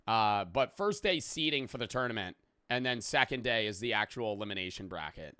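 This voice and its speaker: A man's voice: fairly low pitch, expressive, brisk, pushed and bright, no room sound, clean studio sound. A male streamer chatting casually on a live stream, rambling and swearing freely as he reads donations aloud.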